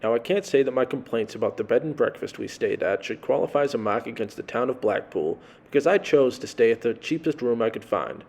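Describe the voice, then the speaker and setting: Guy narrating his travel story, deadpan sarcastic, mid-pitched voice. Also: fairly quick, few pauses. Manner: dry, sardonic storytelling. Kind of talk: scripted narration.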